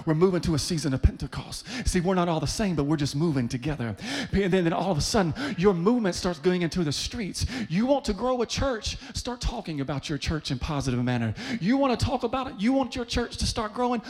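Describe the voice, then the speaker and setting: A man preaching a sermon to a congregation, leading them by name and building to loud, rhythmic climaxes. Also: high voice. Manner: leads the congregation, calling people up by name.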